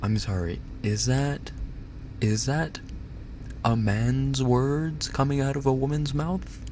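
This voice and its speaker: A male streamer rants in a loose, exasperated way, swearing and laughing as he vents. He talks at an unhurried, drawn-out pace into a binaural dummy-head mic, with a faint hiss underneath his voice. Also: medium pitch. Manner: animated, exasperated ranting with laughs and profanity. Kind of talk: casual ranting chat.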